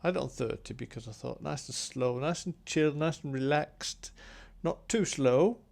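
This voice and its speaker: A man with a gravelly, creaky edge to his voice talks through a hobby synth tutorial. He meanders as he goes, thinking aloud and filling pauses with ums. His pitch sits in an ordinary middle range for a man. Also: a little mellow. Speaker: synth hobbyist demonstrating gear. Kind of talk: casual tutorial walkthrough.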